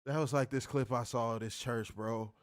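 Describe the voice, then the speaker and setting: A man co-hosting a casual review podcast, loud and profane, laughing often and swooping high when amused. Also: fairly even intonation, moderate pace, no echo, clean studio sound. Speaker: podcast co-host.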